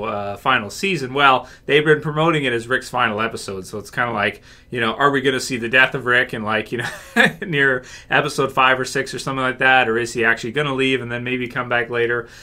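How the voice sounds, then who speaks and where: A man's voice: mid-range voice, sharp tone. A Canadian man giving casual fan commentary on a TV series, rambling with lots of fillers and small laughs. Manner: rambling, many "uh" and "you know", laughs often. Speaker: YouTube TV-show commentator.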